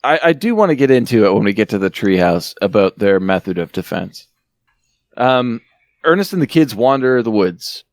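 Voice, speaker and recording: A man with a fairly low voice recaps a film for his podcast, laughing at the jokes as he goes. The mic sound is dry and close. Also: very animated, moderate pace, no room sound. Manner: wry, laughing recap with swearing. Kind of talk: casual chat.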